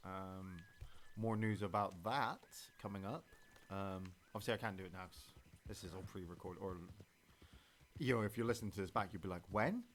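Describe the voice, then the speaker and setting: A man's voice: low voice, steady tone, a little fast, a little hiss or hum. A man hosting a gameplay stream, talking casually and rambling, with many fillers and restarts. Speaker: streamer and podcast host.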